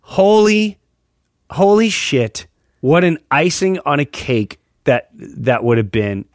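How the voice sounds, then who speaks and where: A man's voice: on the high side, lively intonation, slow, no room sound, studio quality. A man hosting a podcast in casual, joking chat, laughing often and reading a letter aloud. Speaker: podcast host.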